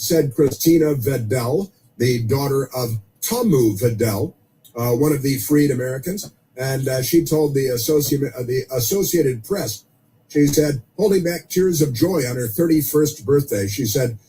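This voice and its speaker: A man's voice: mid-range voice, normal speed, mellow, a little hiss or hum, poor audio. A man hosting a political talk radio show, delivering a sarcastic monologue full of scornful asides. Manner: sarcastic, scornful asides and mocking quoted voices.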